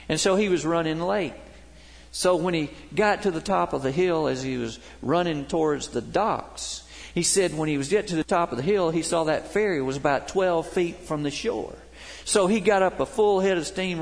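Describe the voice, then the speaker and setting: A man's voice: on the high side, gravelly. An older man preaching a sermon, telling folksy stories and jokes to his congregation. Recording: long hall reverb.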